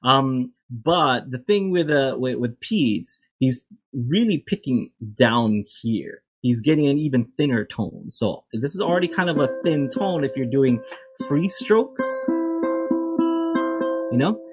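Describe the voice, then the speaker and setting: A man's voice: mid-range voice, animated, slow pace, slightly rough, dry recording, soft background music. A man teaching an instrument lesson, explaining playing technique in a loose, rambling way with many fillers and restarts. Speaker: music teacher.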